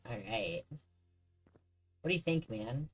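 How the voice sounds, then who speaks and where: A man's voice: on the high side, sing-song, slow, creaky, a bit bright, soft background music, rough recording. A man streaming a horror game, chatting casually and joking with the characters on screen. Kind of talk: casual gameplay commentary.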